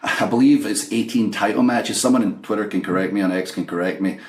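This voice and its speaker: Scottish guy in his 40s, kinda american twang, cocky storyteller, lowish voice, roomy echo on the call. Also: a little fast. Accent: Scottish with slight American twang. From Scotland. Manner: boastful, animated storytelling. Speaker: guest wrestler. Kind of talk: remote interview.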